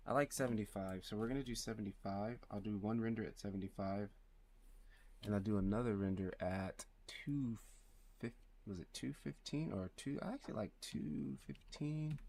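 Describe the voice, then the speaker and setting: A man streaming live as a 3D artist, speaking low and quietly, thinking aloud and muttering numbers to himself as he works. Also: normal speed, a little hiss or hum. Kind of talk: thinking aloud while working.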